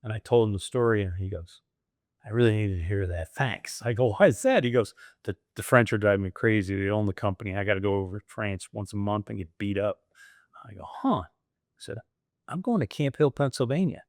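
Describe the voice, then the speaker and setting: Animated man telling career stories. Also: fairly low pitch, fairly quick, no room sound, studio quality. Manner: animated, acts out quoted dialogue. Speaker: guest. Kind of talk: storytelling interview.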